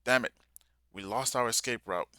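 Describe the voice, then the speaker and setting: A man's voice: mid-range voice, moderate pace, pushed and bright, no room sound, studio quality, close to an everyday voice. A man voicing an urgent old man in flight, reading in a plain voice barely changed from his own.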